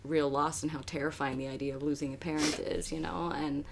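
A woman with a low, grounded voice talks through her reactions to a book. She is reflective and loose, leaning on fillers as she thinks aloud. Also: little pitch movement, brisk, gravelly, noisy background. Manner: reflective, laughs often, frequent fillers. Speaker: book club discussant. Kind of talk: casual chat.

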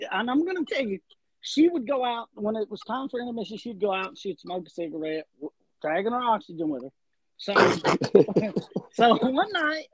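A man's voice: high voice, no room sound. A man, a guest wrestler on a podcast, telling a long story and acting out the quotes as he goes. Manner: animated, rambling storyteller, acts out quotes. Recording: dull lo-fi audio.

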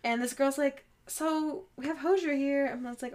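A young woman co-hosting a podcast, chatting casually with lots of fillers and quick laughs. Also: high-pitched, darkish tone. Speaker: podcast co-host. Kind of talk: casual chat.

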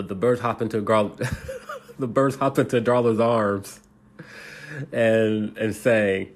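A man with a low, slightly husky voice reads a bedtime story in a loose, casual way. He stumbles, restarts his sentences and chuckles at his own slips as he goes. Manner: halting, restarts often, laughs at himself.

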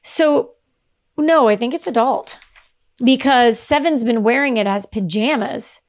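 A woman's voice: fairly high pitch, a little slow. A woman co-hosting a podcast in casual chat, rambling and trailing off mid-sentence. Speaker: podcast co-host.

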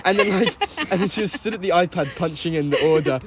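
A man's voice: fairly high pitch, fast talker. Young man chatting over background noise. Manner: laughing, swearing storyteller. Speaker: podcast host. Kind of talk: casual chat. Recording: noisy background.

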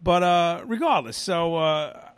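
Male podcast co-host, slightly high voice, rambling and chatty. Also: expressive, slow pace, clear, resonant tone. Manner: rambling, self-interrupting storyteller with many restarts and fillers. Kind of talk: casual chat.

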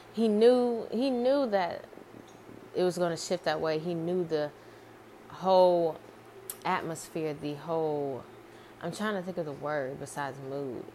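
A woman's voice: low voice, slight background noise. A woman casually retelling a movie script she dreamed up, rambling and repeating herself with many fillers. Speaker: amateur screenwriter.

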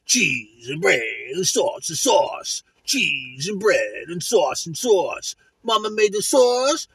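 A man putting on a loud, boastful pizza-shop guy, chanting slogans about his mama's sauce in a sing-song way. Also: high voice, breathy edge, dry recording, pitched above the performer's own voice, full character voice, poor audio.

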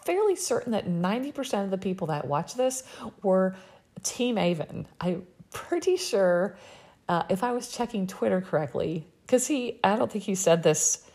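A woman giving a casual recap of a reality TV episode, animated and exasperated. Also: normal speed. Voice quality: low, creaky and husky. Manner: animated, exasperated, quotes people in raised voice.

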